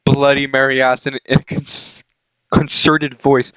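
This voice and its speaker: A man's voice: mid-range voice, flat delivery, a little slow, a bit bright, clean tone, dry recording, poor audio. A young man doing a comedic reading of a fanfic aloud, often laughing and breaking off to comment on the text. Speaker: reader of a fanfic.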